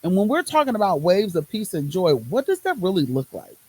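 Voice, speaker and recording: Lowish, husky and mellow, her sing-song voice runs fairly quick in a low-quality recording made on a phone. The medical worker hosts a podcast monologue about her life, emphatic and full of rhythmic repeated phrases plus casual Southern words like "y'all."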